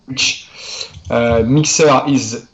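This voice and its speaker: French-accented man, halting and hesitant. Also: medium pitch, fairly even intonation. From France. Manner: halting, many "uh" fillers and restarts. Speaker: chess stream host. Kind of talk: casual live-stream chat. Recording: dull lo-fi stream audio.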